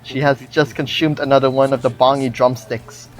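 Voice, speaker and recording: A woman voicing a formal, deadpan little boy who speaks unusually low for a child. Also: moderate pace, faint music behind, rough recording.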